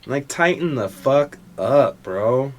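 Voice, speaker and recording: A man's voice: medium pitch, expressive, takes it slowly. Young man, podcast host, casual rant, swearing, blunt, mocking. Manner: profane, confrontational, mocking.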